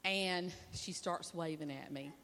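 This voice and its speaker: A woman's voice: lowish voice, measured pace, bright, forceful tone. A woman, a preacher's wife, delivering a sermon in a chatty, conversational way with asides to the audience. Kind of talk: sermon with personal storytelling. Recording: long reverb of a large hall.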